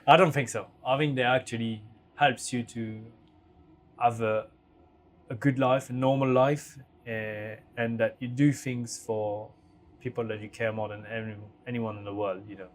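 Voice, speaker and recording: Guy talking english, 30s, open and chatty, normal pitch, gets animated in stories. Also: moderate pace. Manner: candid, animated when telling stories. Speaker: racing driver guest. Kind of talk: interview conversation.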